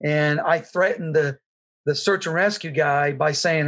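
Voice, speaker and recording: An earnest middle-aged man tells a personal story in a slightly breathy, husky voice that sits a bit high. He is halting and sincere and often restarts his sentences. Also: steady tone, a bit bright. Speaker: guest sharing his testimony.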